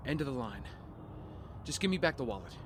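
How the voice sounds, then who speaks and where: An earnest, conciliatory rich young man, played by a man in a mid-range voice, trying to smooth things over. Faint noise sits behind the audio-drama read. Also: mid-range voice, big pitch swings, a little fast, natural voice. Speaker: wealthy heir.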